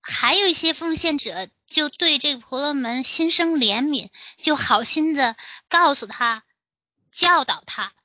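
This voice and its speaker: A woman interpreting a lecture phrase by phrase, with fillers and pauses between her phrases. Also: high voice, animated, no room sound. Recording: dry, lo-fi recording.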